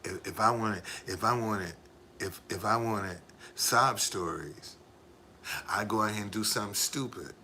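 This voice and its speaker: A man's voice: lowish voice, measured pace, bright, forceful tone, slight background noise. Emphatic man rambling to his viewers. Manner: repetitive, emphatic, addresses viewers directly. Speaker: live streamer. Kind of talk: casual rambling live stream.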